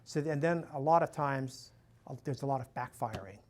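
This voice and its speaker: A man's voice: medium pitch, normal speed, a little mellow. An older man, a priest, giving a talk to a live audience in a folksy way, chuckling at his own jokes and filling in with "you know" and "and so on".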